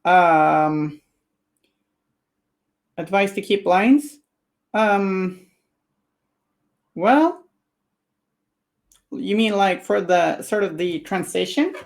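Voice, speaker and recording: Slow, gravelly-voiced woman streamer. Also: fairly low pitch, expressive, darkish tone. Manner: chatty, answers viewer comments. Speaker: miniature painter streaming. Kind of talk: casual live-stream chat while painting.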